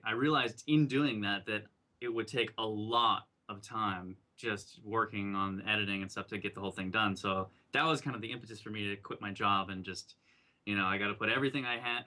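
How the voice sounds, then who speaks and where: A man's voice: lowish voice, steady tone, a little fast, pushed and bright. A young man as a guest in a casual interview, telling his story in an earnest, reflective way with many fillers. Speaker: documentary filmmaker guest.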